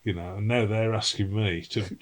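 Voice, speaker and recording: Low-voiced older man, rambling. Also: fairly even intonation, brisk, low-quality recording. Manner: rambling storyteller, salty swearing, acts out quotes. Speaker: interview guest, singer. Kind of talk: casual anecdotal interview.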